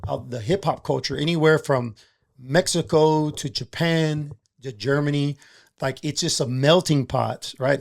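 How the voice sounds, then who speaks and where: A man's voice: medium pitch, vocal fry. A middle-aged man, candidly telling a personal story in a casual podcast chat, streetwise and emotional. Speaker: podcast guest, entrepreneur.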